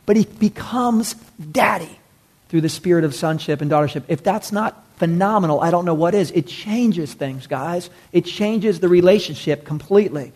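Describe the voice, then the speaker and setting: A male pastor with a notably high voice delivers a sermon. He preaches in an animated way, building phrases up with force, then dropping almost to a whisper on key words. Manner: animated preaching with big pitch swings and hushed drops.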